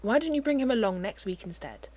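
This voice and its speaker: A woman voicing an easygoing young man who teases and gets flustered, his lines pitched a little higher than her narration. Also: expressive, quick pace, darkish tone. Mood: wry.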